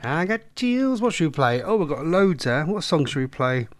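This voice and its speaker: A chatty English man presenting a homemade radio phone-in on his own. His pitch sits a touch high and moves all over the place. The sound is close and completely dry. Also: lively intonation, fairly quick, dry recording. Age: adult, a former smoker. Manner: chatty, rambling, self-interrupting. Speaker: host of an online radio phone-in. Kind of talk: casual solo radio chat.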